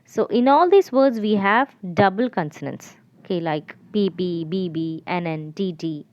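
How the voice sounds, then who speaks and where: A woman teacher giving a lesson to children, repeating and spelling out letters slowly. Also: fairly low pitch, lively intonation, darkish tone, dry recording, highs cut off. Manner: slow, repetitive, spelling out letters.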